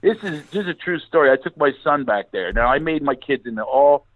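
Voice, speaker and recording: A middle-aged man from Philadelphia, a comedian calling in as a guest, telling animated comic stories fast, laughing and restarting often. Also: a little high, dry recording, phone-quality sound. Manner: rapid, laughing, many restarts. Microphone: phone call.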